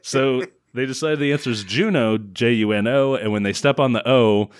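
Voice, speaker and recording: A man co-hosting a casual podcast, retelling a film in an animated, sarcastic way and swearing freely. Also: mid-range voice, normal speed. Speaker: podcast co-host. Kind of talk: casual chat recapping a movie.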